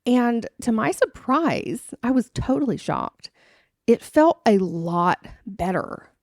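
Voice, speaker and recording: A woman's voice: fairly high pitch, very animated, slow pace, a little mellow, dry recording, studio quality. A woman in her thirties hosting a podcast, telling a personal story in an earnest, confiding way. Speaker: podcast host.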